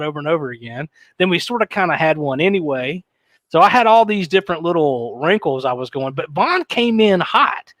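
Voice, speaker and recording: A man's voice: fairly high pitch, animated, brisk, fairly bright tone, dry recording. A man telling a story in casual chat, rambling and profane, laughing often and slipping into mimicked voices.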